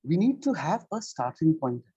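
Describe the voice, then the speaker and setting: A man's voice: on the high side, sing-song, normal speed, dark tone, husky, no echo. Man tutoring, muffled call audio. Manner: explains patiently, keeps asking "right?". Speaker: English tutor. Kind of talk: conversational one-on-one lesson.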